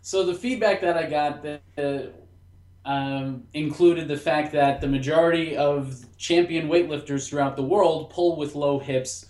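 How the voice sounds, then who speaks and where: A man explaining his study as a guest, halting and restarting his sentences. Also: fairly high pitch, a little mellow. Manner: hesitant, with restarts and fillers. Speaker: guest researcher. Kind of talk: casual interview chat. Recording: roomy echo.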